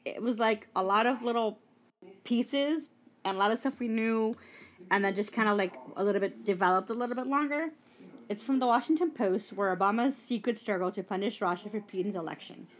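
A woman's voice: mid-range voice, fairly quick, a little hiss or hum. A candid, profane woman podcast host. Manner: candid and profane, recapping news with asides. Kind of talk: casual political news chat. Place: Brooklyn.

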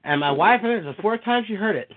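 Profane poet-host on a tinny line. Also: male voice, high-pitched, expressive, fast. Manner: profane, laughing, rambling. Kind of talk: casual chat and poetry reading. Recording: tinny phone-like sound.

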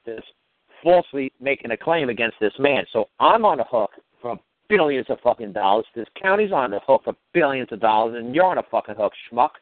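A man's voice: medium pitch, expressive, a little fast, no echo. A man telling a heated, profane story on a call and acting out the arguments he had. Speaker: guest recounting a legal dispute. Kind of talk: casual phone-in chat. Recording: tinny dry phone line.

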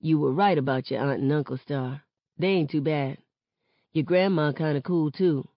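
Lady reading as chill teen boy, low-ish voice, slangy and laid back, kinda muffled. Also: normal speed, no room sound. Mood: easygoing. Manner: relaxed slangy speech. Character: teenage boy, easygoing and soft-spoken.

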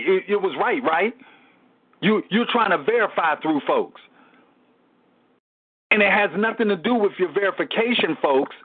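A male pastor with a high voice preaches through a Bible study, circling back over his points and calling out to God mid-thought. The sound is narrow and tinny, as if carried over a phone line. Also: husky. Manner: repetitive call-and-response preaching with exclamations to God.

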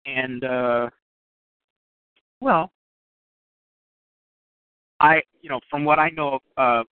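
A man's voice: mid-range voice, slow pace, pauses often, clear, resonant tone, dry recording. A man hosting a call-in radio show, asking meandering questions full of fillers while he has the hiccups. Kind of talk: casual interview questions. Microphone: phone. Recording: dry, tinny phone line.

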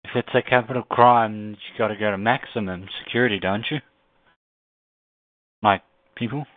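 A man on a community call, asking questions in a hesitant, halting way, often repeating words as he searches for them. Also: fairly low pitch, steady tone, no echo. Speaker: caller. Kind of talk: casual chat. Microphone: phone or call line. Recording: tinny phone line, dry.

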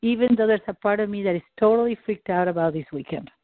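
Talking fast at a medium pitch, a woman coach walks a client through a tapping session over a call. She encourages him and feeds him phrases to repeat; the line is tinny and dry, with no echo.

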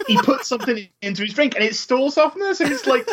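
A man's voice: extremely high pitch, sing-song, fast talker, crowd noise. A man co-hosting a podcast, chatting thoughtfully about films with some hesitant restarts. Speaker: podcast co-host. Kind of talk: casual film chat. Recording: muffled lo-fi mic.

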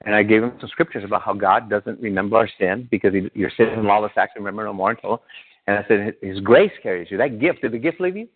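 A man's voice: fairly low pitch, quick pace, slightly rough. A male pastor, preaching to his congregation in a conversational way and throwing questions at them. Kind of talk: sermon. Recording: tinny phone-like sound.

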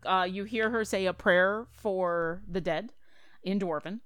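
A woman running a tabletop game as dungeon master, narrating the action and rulings in a brisk, upbeat way. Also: medium pitch, fairly bright tone, clear, resonant tone, dry recording.

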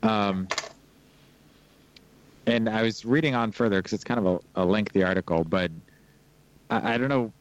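Chill podcast dude reading out emails, lowish voice. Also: male voice, normal speed, long pauses, dry recording, dull audio. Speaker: podcast co-host. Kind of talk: casual chat and reading out listener emails.

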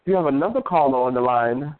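A man voicing a pompous, overly formal gentleman on a phone line. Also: mid-range voice, lively intonation, fast talker, slight background noise, lightly acted. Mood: flustered. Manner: stiff, overly formal diction.

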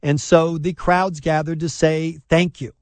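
A man hosting a talk radio show, telling stories in an animated, sarcastic way and mocking people in put-on voices. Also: a little high, a little slow, no room sound.

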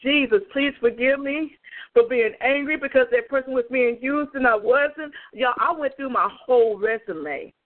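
A woman's voice: sits high, normal speed. A woman evangelist giving an emphatic, fervent spoken testimony on a prayer call, speaking straight to her listeners over the phone. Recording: tinny phone line.

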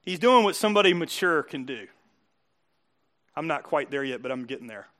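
A male pastor delivers a sermon in a high, bright voice. He keeps it conversational and teasing toward the congregation, with frequent chuckles. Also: animated, fairly quick.

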